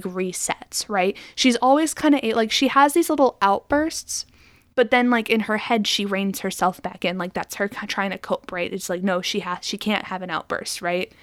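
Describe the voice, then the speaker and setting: A woman co-hosting a film podcast, retelling scenes in an animated, chatty way with lots of fillers. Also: medium pitch, moderate pace, no room sound, studio quality. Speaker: podcast co-host. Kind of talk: casual film discussion.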